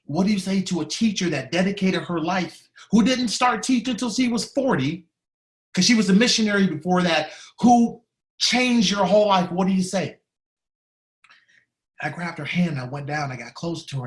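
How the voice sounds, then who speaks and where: A man giving an emotional storytelling speech, heartfelt and dramatic, shifting between loud and hushed. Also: high voice, lively intonation, normal speed, roomy sound. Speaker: speaker at a staff training day.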